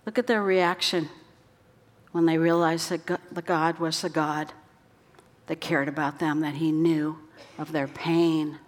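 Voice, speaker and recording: A woman preaching a sermon in an earnest way, her voice dropping soft for quoted words. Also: sits low, steady tone, measured pace. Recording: long hall reverb.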